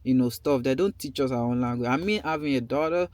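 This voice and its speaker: A man's voice: mid-range voice, fast, a little mellow. Nigerian man, thirties, casual vlog, loose rambling talk, in a car. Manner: loose and conversational, drifting between topics. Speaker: vlogger.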